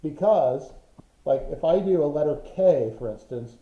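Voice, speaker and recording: A man's voice: on the high side, expressive, moderate pace, very noisy. A man teaching a Morse code class online, patiently explaining and sounding out rhythms. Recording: roomy, dull lo-fi sound.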